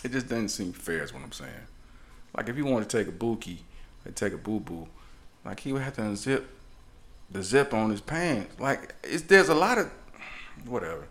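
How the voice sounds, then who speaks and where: Podcast co-host, male, lively rambling storyteller, laughs through his bits. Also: lowish voice, moderate pace, long pauses. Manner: animated, rambling, laughs often.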